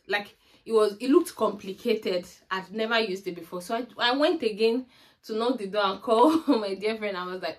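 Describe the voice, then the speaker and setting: A woman's voice: medium pitch, moderate pace. A woman from Nigeria with a Nigerian accent, telling a personal story in a storytime vlog and acting out the dialogue. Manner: animated storytelling that acts out remembered dialogue. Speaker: vlogger.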